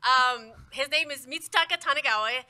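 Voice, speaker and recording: A woman's voice: sits high, brisk, heavy background noise. A young woman co-hosting a casual web show, a little nervous and giggly as she tells a story. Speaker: co-host. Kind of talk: casual chat, telling a news story.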